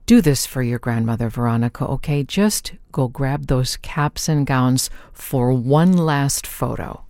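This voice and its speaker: A radio host putting on the voice of a doting grandmother coaxing her grandkids into one more photo, slow and fussy. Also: mid-range voice, a little mellow, natural voice.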